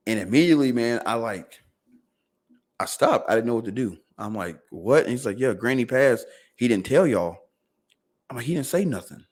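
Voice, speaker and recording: As a podcast guest, a man with a medium-pitched, animated voice tells a long personal story at a normal speed, pausing often. His speech is loaded with fillers and repeated words, and he quotes others in dialogue.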